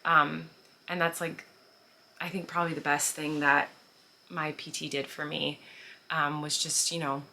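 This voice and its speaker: A woman's voice: low voice, flat delivery, measured pace, gravelly, long pauses, pushed and bright, a little hiss or hum. A woman in her thirties chatting casually to camera as a vlogger, full of "like" and "um" and small laughs. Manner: chatty, frequent "like" and "um", laughs while talking. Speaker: vlogger answering viewer questions. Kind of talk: casual chat.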